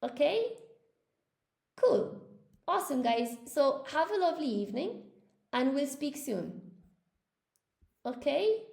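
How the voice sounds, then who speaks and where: A woman's voice: high-pitched, big pitch swings, a little slow, vocal fry, pauses often, darkish tone, roomy sound. A woman teaching English on a live stream, chatting with viewers and cheering them on in an upbeat way. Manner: upbeat, encouraging, reads chat aloud.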